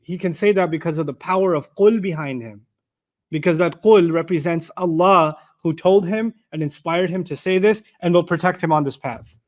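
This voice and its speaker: A man teaching a Quran commentary lecture, talking conversationally with everyday examples and quick Arabic recitations. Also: on the high side. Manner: conversational, explains with everyday examples and repeated restarts. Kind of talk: tafsir lecture.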